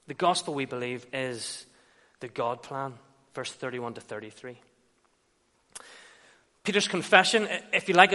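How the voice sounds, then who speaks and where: A man's voice: fairly high pitch, fairly bright tone. A man preaching an expository sermon, retelling scenes and acting out quoted dialogue. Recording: long reverb of a large hall.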